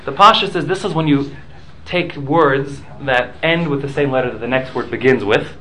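A man's voice: mid-range voice, normal speed, a bit bright, poor audio. A man teaching a Talmud class, explaining rules with examples and often repeating and restarting his words.

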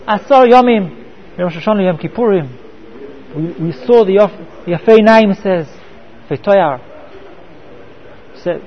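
Guy with a high voice giving a torah class, keeps repeating himself, muffled lo-fi sound. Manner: repeats words, mixes in Hebrew terms. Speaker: Torah teacher.

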